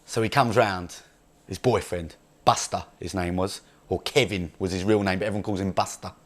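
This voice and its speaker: A man's voice: sits low, fairly even intonation, normal speed, natural voice. A man playing a brash, crude young male chav from Essex, rambling boastfully in an improvised comedy monologue with an Essex accent. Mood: mocking. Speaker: comedy character.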